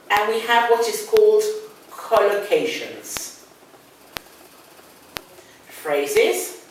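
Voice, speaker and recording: An older woman with a London accent teaching English, explaining patiently and repeating key words. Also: medium pitch. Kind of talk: one-on-one language lesson. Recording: echoey room, distant mic, faint noise.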